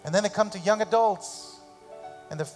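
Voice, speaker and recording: A man preaching a sermon as pastor in a church, animated and repeating phrases for emphasis, sometimes acting out parents' voices. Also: high-pitched, in a large hall, soft background music. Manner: acts out parents' voices in quick asides. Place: church sanctuary.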